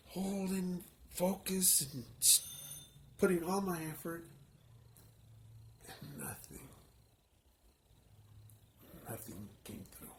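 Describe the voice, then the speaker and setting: A man's voice: fairly high pitch, creaky, fairly bright tone, slight background noise. A man, a pastor, telling his personal testimony in an earnest, emotional storytelling manner.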